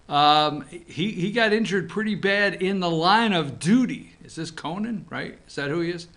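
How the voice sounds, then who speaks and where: A man's voice: sits high, lively intonation, moderate pace, a bit bright. A man hosting a casual morning show from an office, joking around and talking to his crew. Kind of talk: casual talk-show commentary.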